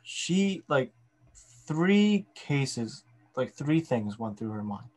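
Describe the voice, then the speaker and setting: A man's voice: mid-range voice, big pitch swings, slow pace. A man hosts a casual interview podcast. He is easygoing, prompts his guest and thinks aloud about what the guest says. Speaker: podcast host.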